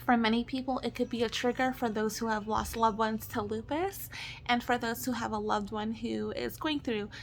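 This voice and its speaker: A woman's voice: on the high side, steady tone, normal speed, slight background noise. A woman in her thirties, a stay-at-home mom, talking in an earnest, apologetic personal vlog while choking up with tears. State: tearful, choking up.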